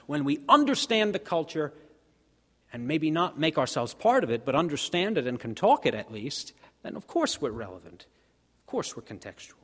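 A male pastor preaches in a fairly high, animated voice that rises and falls widely. He poses rhetorical questions and moves between quiet and emphatic phrases. His voice trails into a long church reverb. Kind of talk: sermon.

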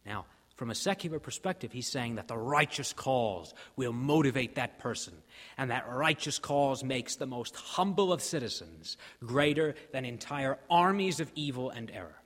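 A man preaching a sermon, emphatic, rising in force on key lines and dropping low for quoted voices. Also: animated, normal speed, fairly bright tone. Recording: hall reverb.

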